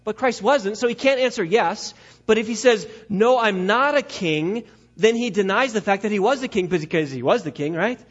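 A man preaching a sermon, emphatic and direct with his listeners, swinging from loud declarations to hushed asides, on a dull lo-fi recording. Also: sits high, lively intonation, fairly quick, breathy edge. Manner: addresses the congregation directly, urging them to stay with him. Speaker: pastor.

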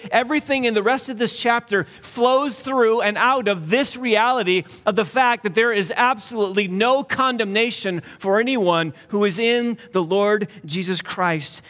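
A man preaching a sermon emphatically, dropping to a near hush to stress key points. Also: high voice, big-room sound. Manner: emphatic, with dramatic drops to a hush.

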